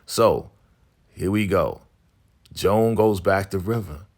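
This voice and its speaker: A man with a somewhat low voice recaps a TV episode for his channel. He talks casually and animatedly, full of slang and quick asides to his viewers. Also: a little mellow.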